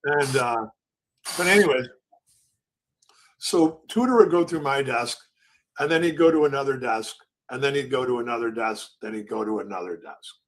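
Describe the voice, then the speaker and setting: The host of a trading show, an older man, tells rambling, casual stories and acts out the lines of pit traders. His voice is mid-range and moderately paced.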